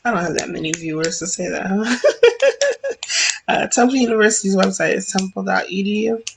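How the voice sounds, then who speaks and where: A woman's voice: medium pitch, fast, gravelly, background noise. A woman vlog host chatting casually about books, rambling and correcting herself as she goes, with frequent laughs.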